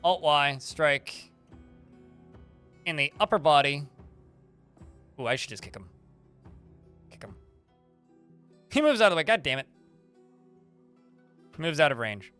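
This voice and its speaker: A man with a bright, forceful, slightly high voice streams a game live. He reads the combat log aloud, stumbling and restarting as he goes. Faint music plays under his voice. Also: very animated, unhurried, long pauses, clear, resonant tone. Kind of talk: livestream gameplay commentary.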